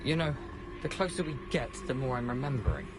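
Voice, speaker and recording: A man's voice: medium pitch, big pitch swings, a little fast, lightly acted. An actor voicing a wry, self-mocking male ghost of a former student in a video game. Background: game music.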